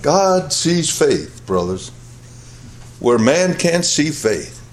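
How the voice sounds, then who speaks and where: A man preaching from the pulpit in an unhurried, deliberate cadence. His voice sits high for a man and rises to loud peaks, then sinks to hushed lows. He drives each point home through repetition. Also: very animated, a little hiss or hum. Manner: emphatic, repeats phrases for weight; dramatic swings between loud high peaks and low quiet drops. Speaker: pastor. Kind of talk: sermon.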